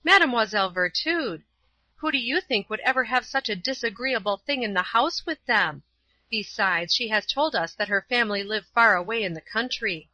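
Stubborn sulky schoolgirl, read by a woman, indignant whiny tone, bright voice. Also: a little high, animated, normal speed, dry recording, poor audio. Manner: indignant, complaining. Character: young schoolgirl, stubborn and resentful. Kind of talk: storybook reading.

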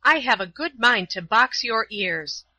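A woman voicing a stern, quick-tempered older housekeeper in a storybook, with a scolding manner. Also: a little high, animated, pushed and bright, no room sound, voice pushed up, low-quality recording.

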